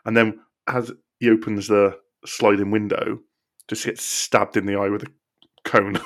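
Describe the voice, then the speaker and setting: Brief: low, gravelly co-host, dry critical humor. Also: male voice, level tone, unhurried. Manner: wry, critical, jokey. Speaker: podcast co-host. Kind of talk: casual podcast chat.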